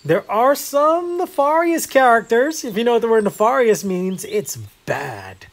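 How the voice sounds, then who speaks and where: The host of this casual gameplay video has a very high, animated voice at normal speed. His chatter is rambling and self-deprecating, heavy on fillers.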